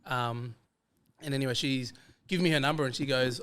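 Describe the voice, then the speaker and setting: An Australian man rattles through his anecdotes at a quick clip as a podcast guest. He acts out every quoted line of dialogue in a mid-pitched voice. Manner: animated, fast-flowing anecdotes that act out quoted dialogue. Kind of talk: casual storytelling chat.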